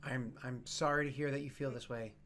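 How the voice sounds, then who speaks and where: A man voicing a formal, patient bishop of a church in a tabletop game, speaking in a measured, halting way. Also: medium pitch, steady tone, a bit bright, a little hiss or hum, lightly acted. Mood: solemn.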